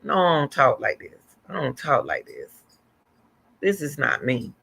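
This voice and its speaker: A middle-aged woman hosts a casual livestream and talks straight to her viewers. Her voice is gravelly and bright, with a forceful edge. She rambles and answers comments as they come in. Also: rumbling low, huge pitch swings, unhurried, slight background noise. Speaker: livestream host.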